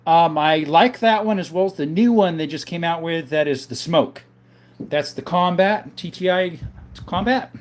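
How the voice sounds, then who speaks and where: Higher-voiced man hosting a casual live chat. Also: normal speed. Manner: relaxed, reads chat names aloud and chats back; calls viewers brother. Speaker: livestream host answering viewer chat. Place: home, in front of a counter.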